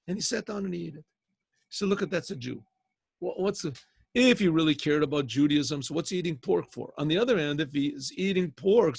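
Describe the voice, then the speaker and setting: A man's voice: on the high side, vocal fry, a little mellow, husky, dry recording. An older man, a rabbi, teaching a casual class, telling a story with quoted voices and mixing in Hebrew terms. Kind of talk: casual spoken Torah class. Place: online class over a video call.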